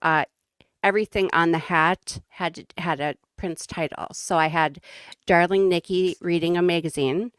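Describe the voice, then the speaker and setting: A woman's voice: lowish voice, steady tone, moderate pace, smooth, dry recording. Woman, Midwestern accent, guest, casual chatty, giggly, dry close sound. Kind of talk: casual chat.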